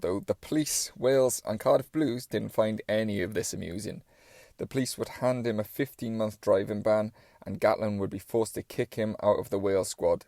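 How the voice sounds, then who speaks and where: A man reads a sports documentary script with measured, wry commentary. His voice is low and mellow. The recording is dry, with no room sound. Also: dry recording. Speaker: documentary narrator.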